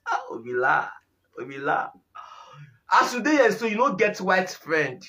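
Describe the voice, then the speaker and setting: A man's voice: high-pitched, big pitch swings, unhurried, pushed and bright. A young Nigerian man giving mocking commentary on a video, laughing and repeating himself as he teases. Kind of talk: mocking commentary in Pidgin and English.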